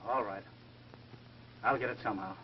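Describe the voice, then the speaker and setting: An actor playing a nervous male debtor who pleads for more time, in a hurried manner. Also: fairly low pitch, natural voice. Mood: pleading. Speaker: man in debt. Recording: 1930s film soundtrack, dull and hissy.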